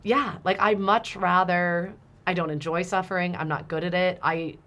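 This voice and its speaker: A woman's voice: fairly low pitch, fairly even intonation, moderate pace, a bit bright. A woman, a mother, speaking candidly in a casual faith conversation.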